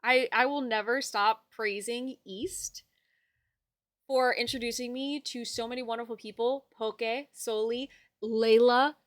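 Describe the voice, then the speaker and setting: Bright, bubbly woman streamer. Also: fairly high pitch, fairly even intonation, a little slow, dry recording, clean studio sound. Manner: bubbly, hyped, reads chat aloud. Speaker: livestream host. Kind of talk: casual livestream chat.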